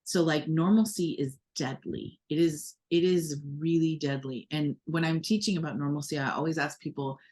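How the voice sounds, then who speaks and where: A woman's voice: low voice, steady tone, normal speed, few pauses, a little mellow. A woman co-hosting a podcast, talking in a reflective, earnest way with many fillers and restarts. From United States. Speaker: podcast co-host. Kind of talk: casual conversation.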